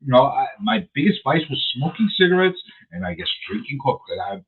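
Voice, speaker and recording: On his radio show, a man with a husky mid-range voice chats at a brisk clip, rambling as he chews gum. He gets animated when riled up, and the recording sounds narrow, like a phone line.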